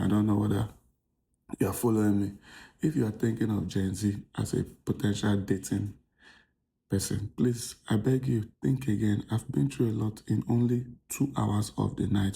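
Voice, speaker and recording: Exasperated Nigerian man, gravelly and low. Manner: exasperated, addresses audience as ladies and gentlemen. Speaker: comedy podcast host. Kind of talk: comic storytelling monologue.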